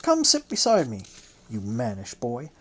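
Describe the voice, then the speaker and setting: A narrator voicing a haughty, teasing Roman noblewoman who mocks and coaxes in a slow, purring way. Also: medium pitch, wildly swooping pitch, husky, heavily acted. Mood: coaxing.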